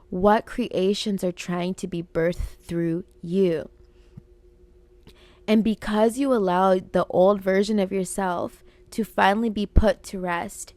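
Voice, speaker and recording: A woman's voice: mid-range voice, a little mellow, no room sound. A young adult woman hosting a podcast, giving an earnest, repetitive motivational talk on intuition and acting out her inner voices. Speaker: podcast host and life coach. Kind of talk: motivational spiritual monologue.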